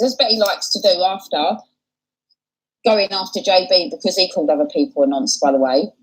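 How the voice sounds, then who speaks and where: A woman's voice: fairly low pitch, fairly bright tone, rough recording. A woman hosting a casual livestream, talking bluntly and swearing often. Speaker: livestream host. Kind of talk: casual live commentary.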